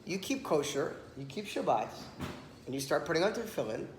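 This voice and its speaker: Animated high-voiced man telling a story. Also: fairly quick. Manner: animated storyteller, acts out dialogue. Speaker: rabbi giving a talk. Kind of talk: storytelling Torah talk. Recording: echoey room, some background noise.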